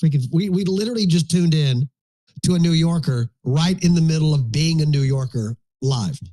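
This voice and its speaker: Brief: host in his fifties, mellow and warm, animated rambling talk, slightly high pitch. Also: moderate pace. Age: 50s. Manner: rambling, animated, frequent profanity. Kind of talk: casual live audio chat.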